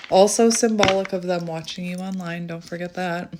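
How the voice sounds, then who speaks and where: A woman giving a channelled tarot reading in a chatty way, often breaking into excited exclamations. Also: fairly low pitch, moderate pace, noisy background. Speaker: tarot reader.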